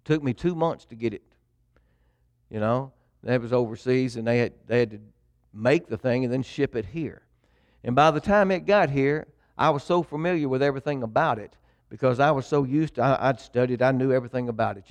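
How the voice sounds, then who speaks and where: A man's voice: mid-range voice, brisk, no echo. Folksy man preaching. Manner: folksy storytelling, addresses congregation. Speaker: pastor. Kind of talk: sermon testimony.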